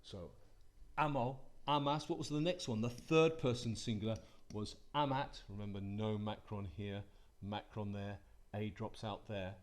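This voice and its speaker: A man with a fairly low, steady, unhurried voice teaches a Latin lesson in classroom style. A native English speaker, he is patient and repetitive, repeating phrases so listeners can say the forms aloud with him.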